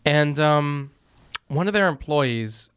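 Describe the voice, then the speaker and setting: A man's voice: a little high, takes it slowly, clean tone. A man co-hosting a radio show, bantering and teasing with a laugh. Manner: teasing, animated, laughs often. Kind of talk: casual banter.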